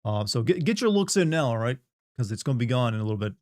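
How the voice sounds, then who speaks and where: A man's voice: medium pitch, sing-song, fast talker, darkish tone, no echo, studio quality. A middle-aged man from the Southern United States chatting casually on a live stream, rambling, joking and reading chat aloud.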